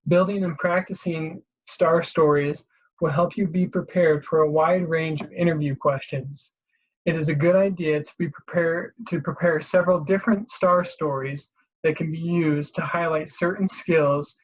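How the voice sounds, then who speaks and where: A presenter giving an instructional voice-over, explaining each step steadily and clearly with a few small restarts. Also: mid-range voice, highs cut off. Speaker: career advice presenter.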